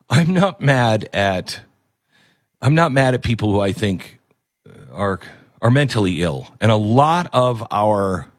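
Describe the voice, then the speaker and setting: Recorded with no room sound, a man with a lowish voice hosts a talk radio show. He rambles conversationally, often interrupting himself and restarting his thoughts.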